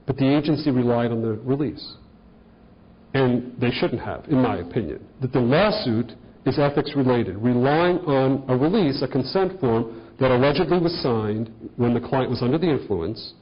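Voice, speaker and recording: A man's voice: medium pitch, muffled recording. A man giving a conversational lecture to a live audience, posing questions to the room as he walks through cases. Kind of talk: continuing-education lecture.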